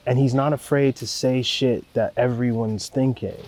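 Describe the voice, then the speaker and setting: A calm young man speaks in a relaxed, easygoing way, his voice sitting in an ordinary middle register. He rambles a little and swears casually as he talks about the people he works with, like an unhurried interview chat. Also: medium pitch. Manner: laid-back, rambling, swears freely; calm and warm-spoken. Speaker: record producer.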